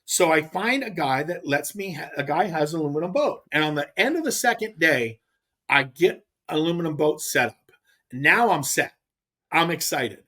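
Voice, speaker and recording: Animated man telling a fishing story. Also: on the high side, moderate pace. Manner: animated, emphatic, rambling. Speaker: guest angler. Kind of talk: casual storytelling.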